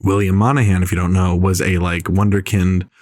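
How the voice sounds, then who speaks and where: A man's voice: sits low, level tone, a little fast, darkish tone, no room sound, clean studio sound. A man hosting a casual podcast chat, talking at length and rambling with lots of fillers. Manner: talkative, rambling with many fillers. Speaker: podcast host.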